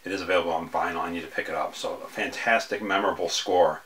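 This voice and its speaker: A man with a very low voice talks through his film picks in a loose, casual way. He rambles, restarts sentences and fills pauses with ums as he goes. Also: steady tone, a bit bright. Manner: rambling, hesitant, many fillers and restarts. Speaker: horror film reviewer. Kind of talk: casual video review.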